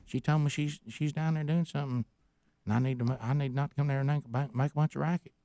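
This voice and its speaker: A nervous, easily spooked country man with a drawl, as a man puts him on. He talks quick and high, in a dry, close recording. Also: steady tone, mellow, no room sound, lightly acted. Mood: panicky. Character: skittish rural Southern man, easily scared.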